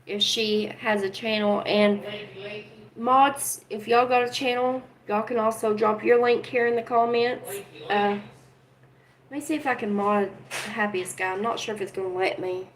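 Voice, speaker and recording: A woman's voice: a little high, fairly even intonation, moderate pace, poor audio. A woman hosting a casual livestream from home, talking earnestly and with feeling to her chat viewers. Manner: earnest, emotional, talks straight to chat viewers. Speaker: livestream host.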